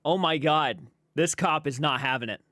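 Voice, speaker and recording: A man's voice: fairly high pitch, normal speed, bright, forceful tone, no room sound, clean studio sound. A man giving casual, blunt reaction commentary, exasperated and swearing freely.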